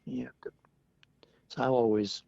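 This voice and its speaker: Slowly and steadily, a man in his seventies tells his veteran's stories for an oral history interview, chatting and often laughing as he acts out what people said. His lowish voice is gravelly, husky and darkish in tone, captured on a dull, lo-fi, dry recording.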